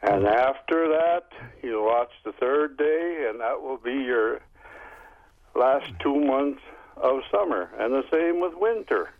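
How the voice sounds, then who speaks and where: A man calling in to a radio show, speaking haltingly with many fillers over a dull phone-in line. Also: mid-range voice, lively intonation, dry recording. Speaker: caller. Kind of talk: call-in radio conversation.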